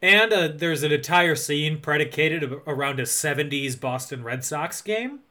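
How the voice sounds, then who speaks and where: Podcast co-host, male, higher-pitched, bright tone, dry humor, casual recap. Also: moderate pace. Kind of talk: casual movie recap chat.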